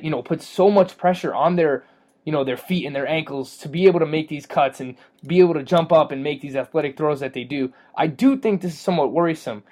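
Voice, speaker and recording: A man co-hosting a fantasy football podcast, chatting casually, rambling with fillers and quick to joke and laugh. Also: on the high side, darkish tone. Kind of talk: casual sports chat.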